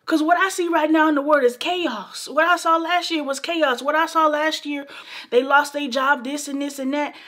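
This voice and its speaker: A woman's voice: high-pitched, steady tone, normal speed, a bit bright. A young woman talking earnestly to camera in a vlog, emphatic and repetitive, calling her viewers baby and y'all. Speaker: beauty vlogger. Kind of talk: casual heartfelt talk to camera.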